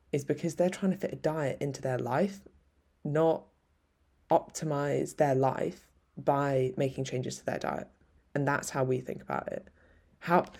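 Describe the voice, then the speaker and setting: A woman's voice: a bass voice, creaky, mellow, husky. A woman fitness coach hosting a solo podcast, talking frankly and encouragingly and swearing casually.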